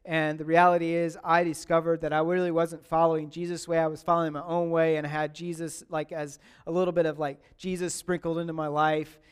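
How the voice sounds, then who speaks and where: Smooth-voiced man preaching casually. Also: a little high, flat delivery, brisk, hardly any pauses. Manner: chatty, with frequent restarts and "like", asks congregants questions by name. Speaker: pastor. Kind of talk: casual conversational sermon.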